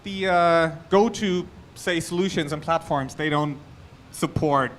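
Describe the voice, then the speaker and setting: This man's voice is a little high and he keeps a measured pace. With a German accent, he presents a technical topic at a conference hall in a relaxed, talkative style, breaking off to restart and adding asides. A bit of hiss or hum can be heard.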